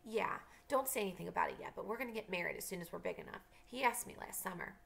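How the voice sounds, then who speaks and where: Scrappy hot-tempered tomboy kid, blunt and defiant, bright edgy voice, as a woman reads her. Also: fairly low pitch, sing-song, fast talker, vocal fry, heavily acted. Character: feisty tomboy girl, quick-tempered.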